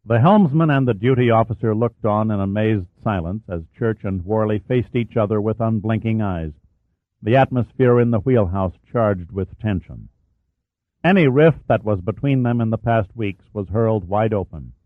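Male audiobook narrator, measured and dramatic, mid pitch, dry and tinny. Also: no echo. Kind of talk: scripted narration. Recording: tinny phone-like sound, dry.

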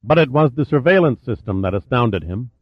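A man narrating a thriller audiobook in a steady, measured reading voice. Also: medium pitch, no room sound, muffled recording.

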